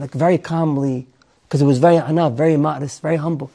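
Male Torah teacher, high voice, animated storyteller who mixes in Hebrew words. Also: fast, husky. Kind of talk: sermon with an acted story.

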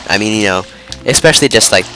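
Low-voiced stuffy young man rambling. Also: fast talker. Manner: rambling, self-interrupting, lots of fillers. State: stuffy, nasal from a cold. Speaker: let's play commentator. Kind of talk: casual gameplay commentary. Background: game music.

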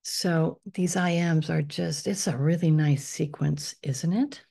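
A woman, a spiritual teacher, leading a guided meditation in a soft, unhurried voice that often drops to a whisper on affirmations. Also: low-pitched, creaky.

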